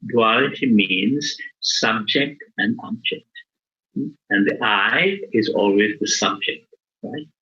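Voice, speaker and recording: A middle-aged man, a Buddhist monk, giving a dharma talk in a measured, deliberate way with pauses. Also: on the low side. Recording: dull lo-fi recording.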